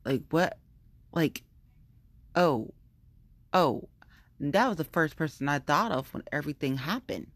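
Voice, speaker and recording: A woman rants in a heated, profane monologue, circling back to the same complaints again and again. Her voice sits low, and it is recorded close and dry with no room sound around it. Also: animated, measured pace, long pauses, no echo. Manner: profane, heated, repetitive venting. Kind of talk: casual ranting monologue.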